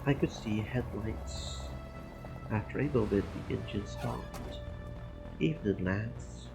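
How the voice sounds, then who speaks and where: A man streaming a game, reading its first-person narration aloud at a steady storytelling pace. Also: fairly low pitch, slow pace, creaky, rough recording. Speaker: streamer reading a visual novel. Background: game music.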